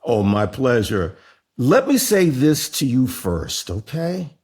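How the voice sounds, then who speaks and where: A man's voice: mid-range voice, sing-song, slow pace, darkish tone, husky. A man hosting a podcast interview, flamboyant and playful, with exclamations and teasing asides. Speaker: podcast host.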